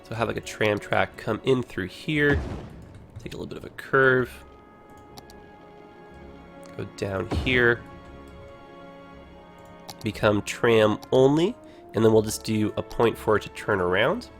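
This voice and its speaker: A man's voice: fairly low pitch, a little slow, creaky, pauses often, fairly bright tone, soft background music. A man with a Toronto Canadian accent, chatting casually over his gameplay as a livestreamer and filling his talk with "like" and "you know".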